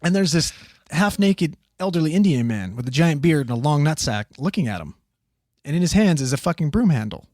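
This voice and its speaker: A man recounting a wild story on a casual podcast, swearing constantly and jumping into the voices of the people in it. His voice sits a little high, and the sound is dry and close. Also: brisk, no echo. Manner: profane, animated, acts out quotes. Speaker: podcast co-host telling a story.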